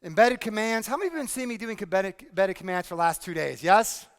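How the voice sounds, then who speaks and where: A man presenting a workshop to a live audience, energetic and drilling the room with repeated questions. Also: sits high, quick pace, clean tone. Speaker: speaking coach presenting a workshop. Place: conference hall with audience. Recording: long hall reverb.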